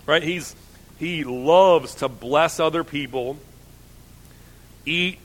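A man's voice: a little high, slow, long reverb tail. A male pastor giving a casual, enthusiastic sermon, telling stories with many restarts and fillers.

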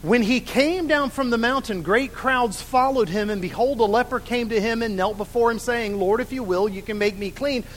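High-voiced man teaching scripture in a hall. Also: a bit bright, slight background noise. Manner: asks questions and pauses, then answers them himself. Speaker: Bible teacher. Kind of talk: Bible lesson with questions to a class.

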